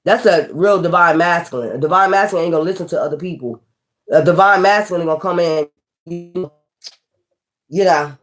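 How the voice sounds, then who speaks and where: A woman's voice: lowish voice, fairly quick, faint music behind. A woman tarot reader in a casual, scornful rant, blunt and profane, hammering her points home by repeating them. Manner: repetitive, emphatic.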